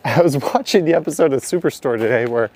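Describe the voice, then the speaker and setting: A man's voice: medium pitch, expressive, moderate pace, a little mellow, no room sound. A man, walking city alleys at night on a live stream, chatting and answering viewers' questions as he goes. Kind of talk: casual live-stream narration reading chat.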